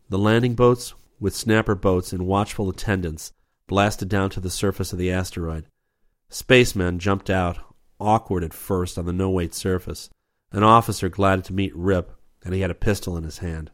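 Deep-voiced male audiobook narrator. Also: steady tone, normal speed.

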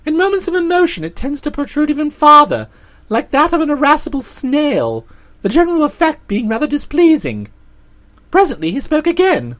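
A woman narrating a comic story in an audiobook, with lively storytelling. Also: high-pitched, moderate pace.

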